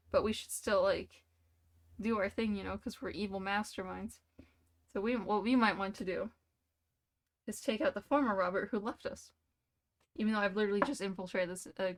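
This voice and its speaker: A woman's voice: medium pitch, fairly bright tone. A woman streamer telling a silly made-up story during a live game, rambling and playful, full of "like" and "you know".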